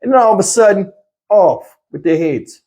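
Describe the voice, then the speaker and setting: A man's voice: high voice, lively intonation, normal speed, warm tone. A man hosting a reaction channel, talking in a blunt, heated, slangy way straight to his viewers. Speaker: commentary channel host. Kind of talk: casual reaction commentary.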